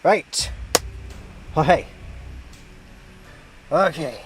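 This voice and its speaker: A man's voice: on the high side, animated, drawn-out words, slightly rough, faint music behind. A man streaming a game, chatting casually, laughing often and exclaiming at the screen.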